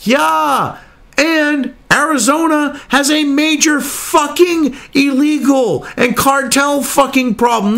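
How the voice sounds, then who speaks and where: A man's voice: extremely high pitch, creaky, bright, forceful tone. A man reading news articles aloud and cutting in with angry, profane, sarcastic rants, as host of his own commentary show.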